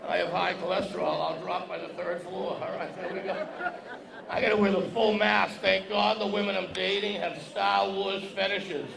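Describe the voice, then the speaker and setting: With a high voice showing little pitch movement, vocal fry, and a normal speaking speed, a man performs stand-up and brashly ribs his audience. The setting is an event hall stage with a podium before a live crowd, captured with echo and audience noise.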